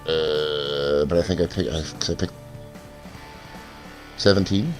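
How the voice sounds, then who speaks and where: A man speaking casually as a player in a tabletop game, slow and hesitant. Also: very deep voice, faint music behind.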